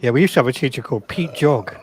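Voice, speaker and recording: A man's voice: mid-range voice, lively intonation, fast, a little hiss or hum. A man in a casual livestream chat, telling dry, sweary anecdotes.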